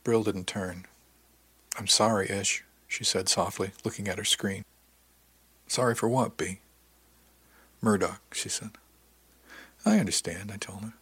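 A man narrates a first-person story in a calm, even storytelling manner. His voice sits low and has a breathy, husky edge. He shifts only lightly for the characters and drops softer on quiet asides. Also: unhurried, pauses often. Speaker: audiobook narrator.

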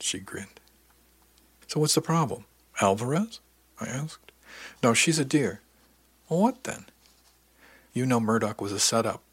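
A man narrates a first-person story in a calm, even storytelling manner. His voice sits low and has a breathy, husky edge. He shifts only lightly for the characters and drops softer on quiet asides. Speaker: audiobook narrator.

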